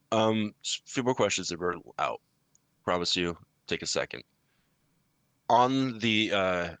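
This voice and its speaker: Deep, bright-toned man, hesitant player. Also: no room sound. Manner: hesitant, with many restarts. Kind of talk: tabletop game play.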